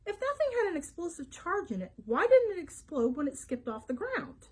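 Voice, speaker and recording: A woman's voice: very high voice, big pitch swings, moderate pace, a little mellow, voice pushed up. A woman reading a storybook aloud, voicing a brash twelve-year-old boy who boasts and blusters.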